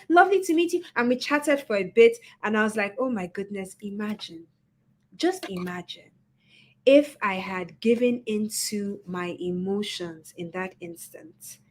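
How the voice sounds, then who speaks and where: A woman hosting a webinar, giving a motivational talk and telling a story with lively acted-out quotes. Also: medium pitch. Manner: expressive storyteller, acts out quoted voices. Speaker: webinar host and etiquette coach.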